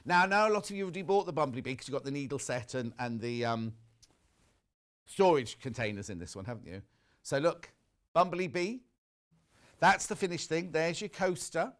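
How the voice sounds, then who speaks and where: A man's voice: on the high side, normal speed, a bit bright. A man hosting a live shopping channel show from a TV studio, showing products in a chatty, teasing way.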